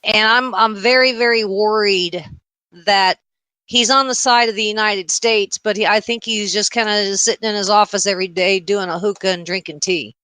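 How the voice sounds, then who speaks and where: A woman hosting a talk radio show who frames her questions haltingly, with many fillers. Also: mid-range voice, steady tone, pushed and bright, clear, resonant tone, dry recording.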